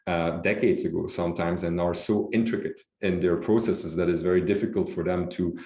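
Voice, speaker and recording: Deep-voiced man with many fillers, echoey. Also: steady tone, warm tone. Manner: measured, frequent fillers and restarts. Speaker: company executive guest. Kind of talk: business interview.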